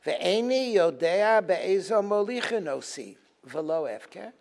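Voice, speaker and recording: A rabbi lecturing on a Talmud passage in a fairly high voice. He quotes the Hebrew text, then explains it in English with lively, emphatic delivery. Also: slow, vocal fry. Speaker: rabbi teaching a Tisha B'Av program.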